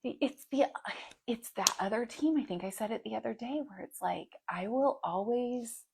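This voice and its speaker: A woman's voice: a little high, moderate pace, gravelly, noisy background. A woman in her thirties co-hosting a podcast, telling stories in casual chat with lots of fillers. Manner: animated storytelling with many fillers. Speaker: podcast co-host.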